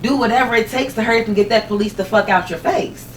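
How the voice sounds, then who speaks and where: An agreeable married woman co-hosting a casual podcast who backs up the others with practical advice. Her voice sits a bit high. She is picked up from a distance in an echoey room. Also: fast, background noise. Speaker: podcast co-host.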